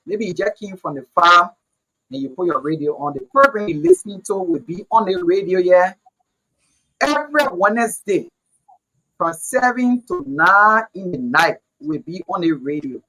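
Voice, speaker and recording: Radio host, animated pitch, talking straight to listeners. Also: normal speed, poor audio. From Liberia. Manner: addresses listeners directly. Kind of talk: radio talk show hosting.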